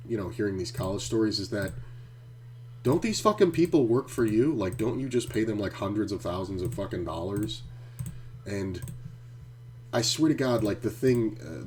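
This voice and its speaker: A middle-aged man with a lowish, warm voice streams poker from home. He chats casually, launching into profane rants and swearing heavily as he tells his stories.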